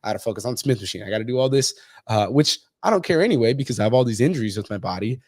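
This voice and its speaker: A man in his thirties hosting a podcast, telling stories in a blunt, animated way and swearing freely. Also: medium pitch, rapid-fire, no room sound, studio quality. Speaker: podcast host. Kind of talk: casual podcast chat.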